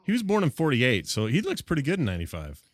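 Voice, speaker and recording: A man's voice: mid-range voice, wildly swooping pitch, fast talker. A man hosting a podcast, riffing casually on a movie as he watches it and laughing often at it. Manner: joking, laughs often, wry asides. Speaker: podcast host.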